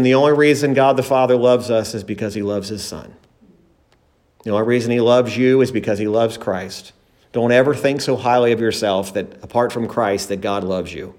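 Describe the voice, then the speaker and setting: A man's voice: mid-range voice, darkish tone. A man preaching a sermon as pastor, emphatic, acting out the disciples' words in a raised voice.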